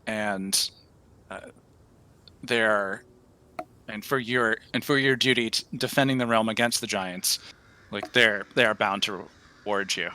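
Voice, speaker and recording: A man narrating a tabletop game as game master, halting with many fillers. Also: on the low side, steady tone, bright, forceful tone, a little hiss or hum.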